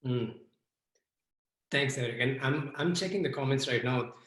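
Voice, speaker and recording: A man hosting an interview over a video call. He speaks in a relaxed way with many hesitations. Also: mid-range voice, normal speed, echoey room. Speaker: host.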